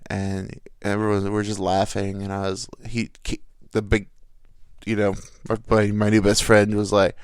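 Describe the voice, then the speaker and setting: A man's voice: fairly low pitch, completely flat delivery, normal speed, smooth, no echo. A man hosting a podcast, telling a rambling, self-deprecating comic story on a close mic. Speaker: podcast host. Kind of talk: casual comedic monologue.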